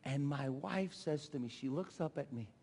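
A middle-aged man preaching a sermon, telling a personal story in an animated way and shouting out quoted voices. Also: on the high side, moderate pace, creaky, noisy background. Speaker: pastor. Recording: long hall reverb.

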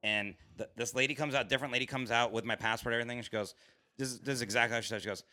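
Fast-talking bright-voiced comedian man. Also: medium pitch. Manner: animated storyteller, acts out quoted voices, swears freely. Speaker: stand-up comedian guest. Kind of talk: casual podcast storytelling. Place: podcast studio.

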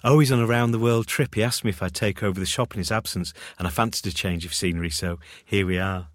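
An actor with a Manchester accent playing a young pharmacist who enthuses softly and wistfully about the stars. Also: male voice, fairly low pitch, steady tone, fast, no room sound, studio quality, close to an everyday voice. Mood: dreamy. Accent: Mancunian. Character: dreamy stargazing young male pharmacist.

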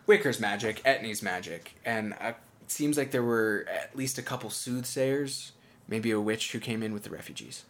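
A man's voice: on the low side, lively intonation, normal speed, fairly bright tone, slight background noise. A young man running a tabletop game as game master, chatty with lots of asides.

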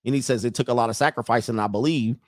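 A man hosting a livestream, ranting to his viewers in a casual, animated way and laughing often. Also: medium pitch, racing, dry recording, studio quality. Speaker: livestream host.

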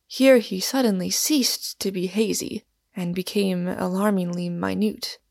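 A woman reads a novel aloud in a measured storytelling manner. Her mid-pitched voice has a gravelly texture, recorded dry and close. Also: steady tone, a little mellow, no room sound. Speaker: audiobook reader. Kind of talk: scripted narration of a novel.

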